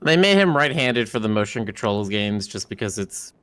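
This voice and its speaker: Smooth-voiced male co-host. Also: lowish voice, animated, moderate pace, fairly bright tone. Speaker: stream co-host. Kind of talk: casual game-stream chat.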